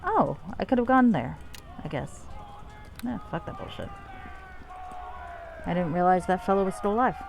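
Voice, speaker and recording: A woman's voice: fairly low pitch, lively intonation, normal speed, creaky, long pauses, noisy background. A woman streaming a game, making wry, profane remarks. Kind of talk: casual game stream commentary.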